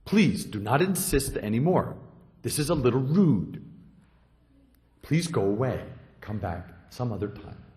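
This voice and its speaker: A man's voice: mid-range voice, big pitch swings, unhurried, long pauses. A man voicing a protective young male temple attendant who turns away a visitor insistently. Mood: firm. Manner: insistent, rising to angry shouting. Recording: echoey hall.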